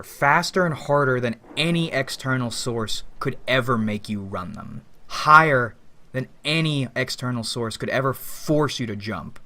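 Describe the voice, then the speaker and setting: A man's voice: medium pitch, pushed and bright. A man giving a rambling, philosophical spoken monologue as a vlogger, with casual profanity.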